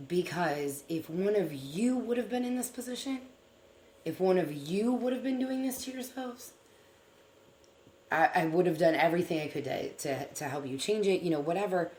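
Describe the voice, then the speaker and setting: A woman's voice: on the low side, normal speed, reverberant, slight background noise. A woman co-hosting a talk show, talking earnestly and at length about something personal. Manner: earnest, rambling, animated.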